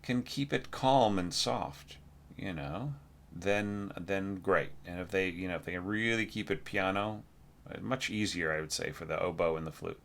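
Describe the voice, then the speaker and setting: A man teaching orchestration, giving a relaxed spoken evaluation of a student's score while thinking aloud and humming phrases on nonsense syllables. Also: low voice, unhurried, vocal fry.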